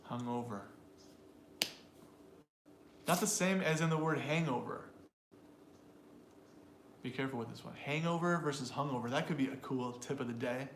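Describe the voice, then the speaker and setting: A man co-hosting an English pronunciation lesson, repeating example phrases slowly and explaining word stress in a relaxed way. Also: mid-range voice. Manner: slow, drawn-out repetition of example phrases. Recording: roomy with faint noise.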